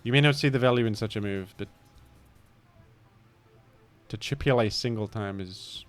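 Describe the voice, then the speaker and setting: Rambling British streamer, mock-grandiose. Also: male voice, fairly low pitch, moderate pace, soft background music. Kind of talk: live game commentary.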